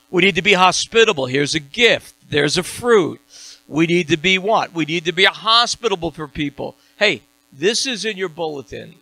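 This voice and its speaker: Fervent preaching man, gravelly and bright. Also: on the high side, a little hiss or hum, low-quality recording. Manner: preaching with rising, emphatic call-and-response questions. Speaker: pastor. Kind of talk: sermon. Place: church sanctuary.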